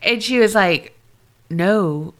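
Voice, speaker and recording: A woman's voice: medium pitch, slow. A woman co-hosting a podcast, bubbly and blunt, laughing often. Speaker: podcast co-host. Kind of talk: casual chat.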